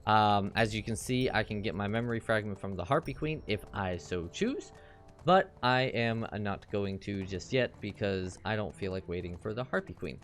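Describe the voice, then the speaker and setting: A man's voice: normal speed, faint music behind. A man casually commenting on his gameplay as he plays, rambling and offhand. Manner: rambling and offhand, puts on silly high voices for characters. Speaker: game walkthrough host.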